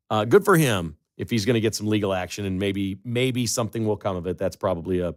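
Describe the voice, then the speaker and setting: A man's voice: on the low side, no room sound, clean studio sound. A man hosting a call-in talk radio show, teasing callers in a joking way.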